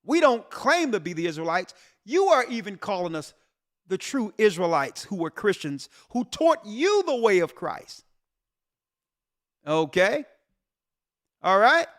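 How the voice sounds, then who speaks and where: A church elder and show host responds to a news article in a vivid preaching manner, using rhetorical questions and stressing points repeatedly. His high voice moves a little slowly, with frequent pauses.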